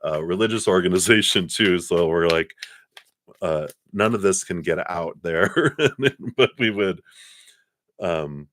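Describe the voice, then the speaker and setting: Man, tarot reader, low voice, dry close mic, chatty, laughs a lot. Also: unhurried, fairly bright tone, no echo. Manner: chatty, laughs often, trails off with fillers. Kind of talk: live-streamed tarot reading.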